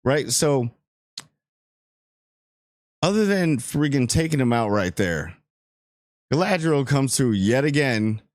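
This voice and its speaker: A man giving a casual, rambling spoiler review of a TV episode, joking and acting out characters in quick asides. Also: mid-range voice, very animated, no room sound, studio quality. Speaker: show reviewer.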